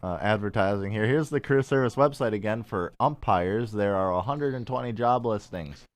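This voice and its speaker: A man's voice: lowish voice, fairly quick, dry recording. A young man hosting a radio show, telling a story in casual chat and acting out other people's voices. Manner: laid-back storyteller who acts out other voices. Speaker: radio host.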